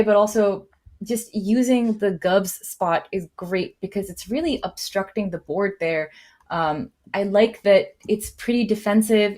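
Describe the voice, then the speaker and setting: A woman giving live commentary on a board game, thinking aloud with many fillers and lively jumps in her voice. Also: medium pitch. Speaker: tournament commentator.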